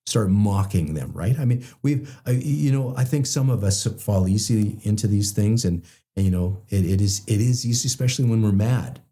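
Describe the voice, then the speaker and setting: Deep mellow-voiced male psychologist. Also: normal speed. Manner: conversational, many "you know" fillers, acts out quoted examples. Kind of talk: explanatory talk on relationships.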